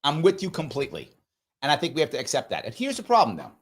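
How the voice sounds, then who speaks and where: Man, live talk host, opinion commentary, preachy, emphatic, pitch leaping around. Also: fast talker, breathy edge. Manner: animated, sweeping pitch jumps.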